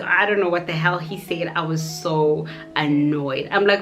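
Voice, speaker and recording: A young South African woman with a low-pitched voice and a South African accent tells a story to the camera in a relaxed, chatty manner. She is animated and expressive, and faint music plays softly underneath. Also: moderate pace. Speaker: YouTuber. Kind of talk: casual storytime. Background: faint background music.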